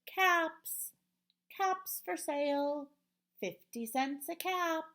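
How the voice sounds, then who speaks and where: A woman voicing an angry male cap peddler who scolds in loud, insistent demands. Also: very high voice, animated, extremely slow, pitched above the performer's own voice, heavily acted. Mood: calling out. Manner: scolding, finger-shaking demands.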